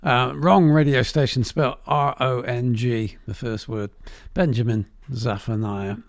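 Male radio host, unhurried offhand presenting, gravelly low-key voice, dry close sound. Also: fairly even intonation, no room sound. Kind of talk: casual radio countdown presenting.

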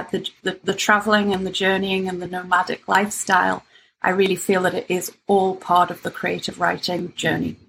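Gravelly-voiced woman writer, candid. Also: on the low side, pushed and bright, a little hiss or hum, poor audio. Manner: candid, self-deprecating, laughs easily. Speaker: writer and actor, guest. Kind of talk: conversational interview.

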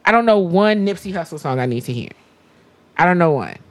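A woman in her thirties co-hosting a podcast, chatting casually in an animated, emphatic way and swearing freely. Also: lowish voice, fairly quick. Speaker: podcast co-host. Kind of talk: casual chat.

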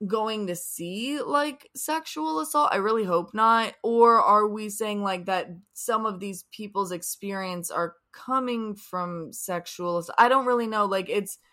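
A woman's voice: medium pitch, a little slow, hardly any pauses, pushed and bright. A young woman co-hosting a casual TV recap podcast, rambling, swearing freely, and trailing off into restarts. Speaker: podcast co-host. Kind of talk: casual chat.

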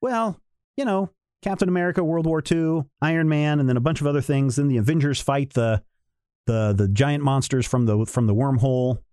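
A man's voice: mid-range voice, fairly quick, mellow, smooth, dry recording, studio quality. A man hosting a podcast in casual chat, easygoing and teasing. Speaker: podcast host.

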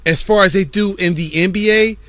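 A man arguing on a podcast in a heated casual debate, loud and insistent, repeating himself when interrupted. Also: sits high, brisk, dry recording. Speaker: podcast co-host.

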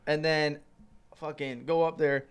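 Animated profane young man telling stories. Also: unhurried, smooth. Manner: animated, profane, jumps into loud high voices when quoting. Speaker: podcast co-host. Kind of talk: casual storytelling chat.

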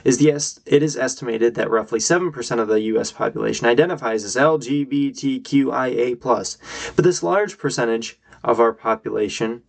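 A man's voice: mid-range voice, fairly quick, creaky. A young man hosting his own podcast, giving emphatic, argumentative solo commentary and getting worked up. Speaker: podcast host.

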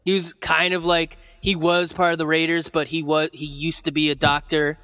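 A man's voice: on the high side, level tone, normal speed, pushed and bright, dull audio. A man co-hosting a podcast in casual chat, rambling with many fillers and laughing often. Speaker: podcast co-host and dinosaur artist.

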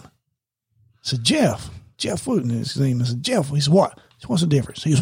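This middle-aged man, a retired police sergeant, has a slightly high, gravelly, somewhat rough voice and talks a little fast. He's an animated storyteller in a casual podcast chat, acting out quotes and laughing often. The sound is clean studio audio with no echo.

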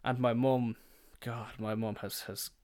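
A man's voice: mid-range voice, level tone, a little slow, darkish tone, no room sound. Man telling a rambling story in a dry room. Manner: swearing, rambling, quoting family members. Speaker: podcast host. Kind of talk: casual storytelling monologue.

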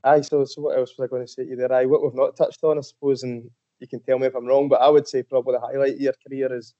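A man's voice: medium pitch, level tone, racing, dark tone, dull audio. A man hosting a podcast, asking questions with a teasing, jokey manner. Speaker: podcast host. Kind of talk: casual podcast interview.

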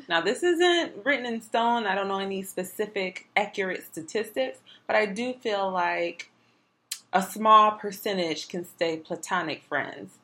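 A woman's voice: medium pitch, sharp tone. A woman from Detroit co-hosting a podcast, chatting casually in a laid-back, teasing way. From Detroit, USA. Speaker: podcast co-host. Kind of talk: casual chat.

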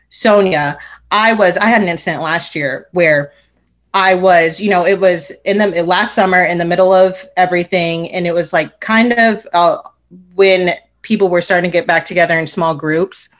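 A young woman co-hosting a casual chat, telling a story and acting out the quotes with big jumps in pitch. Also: moderate pace, fairly bright tone. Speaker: podcast co-host.

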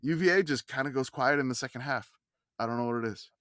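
A man's voice: medium pitch, quick pace, fairly bright tone, dry recording, studio quality. A man co-hosting a casual college football podcast, rambling and correcting himself as he goes. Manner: rambling, self-correcting, laughs often. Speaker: podcast co-host. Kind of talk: casual sports chat.

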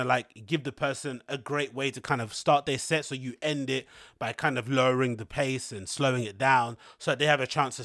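A man's voice: on the high side, fairly bright tone, dry recording, studio quality. A man hosting a podcast, rambling in casual slangy chat and laughing often. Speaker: podcast host.

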